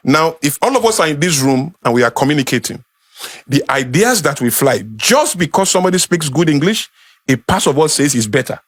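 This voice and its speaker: Nigerian man, Yoruba accent, slightly raised pitch, emphatic and conversational delivery to a room. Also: lively intonation, fairly quick. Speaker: speaker. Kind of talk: informal talk to a small group.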